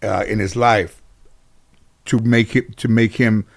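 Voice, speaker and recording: A man's voice: fairly low pitch, unhurried, creaky. A man telling stories as an interview guest, rambling with many restarts and fillers and acting out other people's lines. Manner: lively storyteller who acts out other people's lines. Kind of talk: casual anecdotal storytelling.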